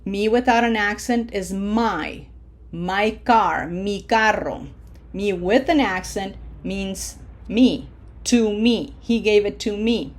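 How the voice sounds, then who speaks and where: Slow, patient Spanish teacher woman. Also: medium pitch. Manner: patient, repeats "okay?" often, models words slowly. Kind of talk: classroom lesson.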